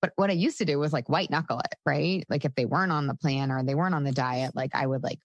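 A woman's voice: a bass voice, quick pace, no echo, lo-fi sound. Chatty woman coach, dry close mic. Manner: chatty, full of "like" fillers, laughs often. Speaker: podcast guest, coach. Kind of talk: casual interview talk.

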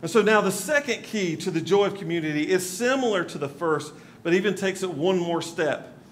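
A man's voice: high-pitched, animated, fairly quick, a little hiss or hum. A male pastor from North Carolina, giving a conversational sermon with asides to the congregation in a church. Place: church sanctuary.

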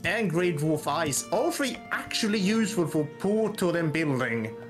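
A man's voice: on the high side, sing-song, normal speed, over music. A man chatting with a friend over a co-op game, planning aloud with frequent restarts. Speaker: co-op gaming partner. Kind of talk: casual gaming chat.

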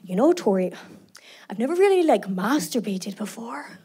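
A woman putting on an excitable, naive young Irish woman with an Irish accent, gushing and bubbly. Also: on the high side, moderate pace, slightly rough, full character voice. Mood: confiding.

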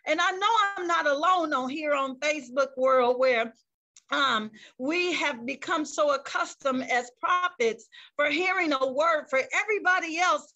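Woman, pastor, fervent sermon, high voice, bright tone, video call mic. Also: highs cut off. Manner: fervent, peppers speech with praise interjections.

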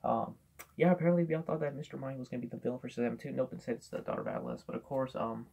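Man, casual rambling movie reviewer, quick delivery, husky gravelly voice, curses a lot. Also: medium pitch, expressive, dark tone. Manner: rambling, swears a lot, many fillers and restarts.

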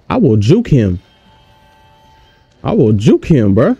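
A man giving casual, animated let's-play commentary on a horror game, chatting to his viewers in slang. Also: medium pitch, slow, vocal fry, pauses often, slightly rough, no echo, faint music behind. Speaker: gaming YouTuber.

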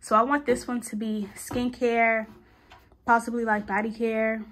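A young woman in her twenties chatting casually in a slangy, animated way while organizing her bathroom. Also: measured pace, reverberant. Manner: chatty, slangy, animated with sudden high squeals. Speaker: lifestyle vlogger. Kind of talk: casual organizing vlog chat. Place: bathroom at home.

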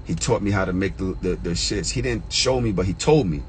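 A man telling a personal story in a casual, profane way. He gets choked up at times and jumps into a high, excited pitch when worked up. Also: a little fast, a little hiss or hum, low-quality recording. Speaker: storyteller vlogger.

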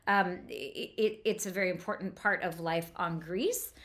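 This woman lectures on a novel, her thoughtful delivery full of enthusiasm for the writing, punctuated by fillers and restarts. Her voice is on the low side and a bit bright, with fairly even intonation at a normal speed.

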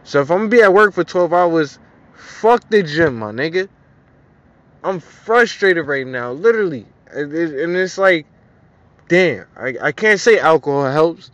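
A man's voice: high voice, fairly bright tone, no echo. A young man venting in a casual vlog monologue, frustrated and profane, repeating himself. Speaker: vlogger.

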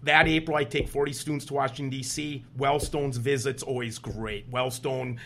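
A man's voice: mid-range voice, moderate pace. A man in his fifties from Wisconsin, telling stories animatedly as an interview guest and acting out other people's lines. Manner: lively, animated storyteller who acts out other people's lines. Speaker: guest, state senator and former teacher. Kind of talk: animated storytelling in a conversational interview.

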